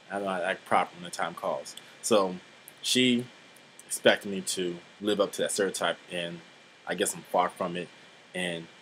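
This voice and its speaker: A man's voice: low voice, fairly bright tone, a little hiss or hum, low-quality recording. A man in his twenties talking in a casual vlog monologue, rambling and blunt, swearing freely, with many fillers. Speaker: vlogger.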